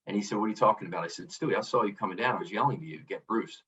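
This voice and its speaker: Earnest middle-aged man, low voice. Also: very fast, pushed and bright, distant mic, poor audio. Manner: earnest, reflective, many restarts and "you know". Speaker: podcast guest, author and coach. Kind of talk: candid storytelling interview.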